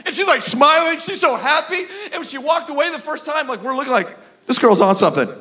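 A man preaching a sermon as pastor, casual and animated, with lots of fillers while telling stories. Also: extremely high pitch, fast. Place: church.

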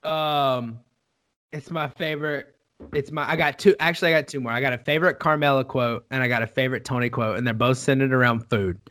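A man co-hosting a podcast in casual chat, excitable and swearing freely as he talks. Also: mid-range voice, fairly quick. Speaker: podcast co-host.

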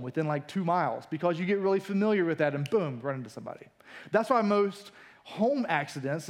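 A man preaching a sermon in an energetic, colloquial way, rising in pitch for emphasis. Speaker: pastor.

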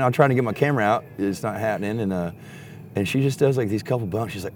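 A man's voice: on the low side, fast talker, slight background noise. A young man telling a rambling, profane story in casual chat and acting out what people said. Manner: rambling, animated, heavy swearing, acts out quotes.

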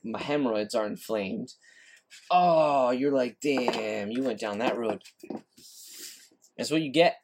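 A man's voice: medium pitch, slight background noise. A man hosting a solo podcast, ranting in a frustrated, repetitive way and swearing casually. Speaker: podcast host.

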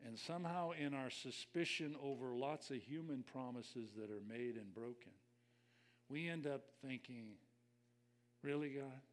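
A man's voice: medium pitch, moderate pace. An older man preaching a conversational sermon as a pastor, reflective and personal, speaking straight to his listeners.

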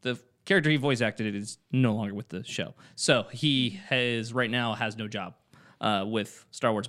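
Casting: male podcast host, casual banter, quick to laugh. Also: lowish voice, a bit bright. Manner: laughs often, loose and jokey. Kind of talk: casual group chat.

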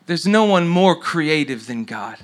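A man's voice: fairly high pitch, sing-song, a little slow. A middle-aged man preaching a sermon, telling a story and dropping to a near whisper at tender moments. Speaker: pastor.

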